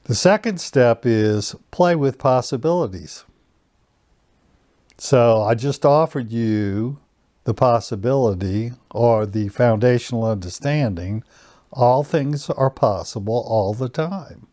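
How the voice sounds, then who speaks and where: A man teaching a personal growth lesson, giving slow, calm guiding instructions and leading breathing exercises. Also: mid-range voice, no room sound.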